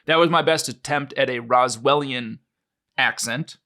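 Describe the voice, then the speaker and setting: A man's voice: medium pitch, a little slow, pushed and bright. A man co-hosting a podcast, talking in a casual, rambling, self-mocking way. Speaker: podcast co-host.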